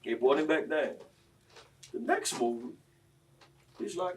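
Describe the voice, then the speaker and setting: A man, telling stories on a panel in a preachy, impassioned way that swings between quiet and loud. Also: on the high side, big pitch swings, measured pace, pauses often, distant mic, slight background noise. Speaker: panel speaker.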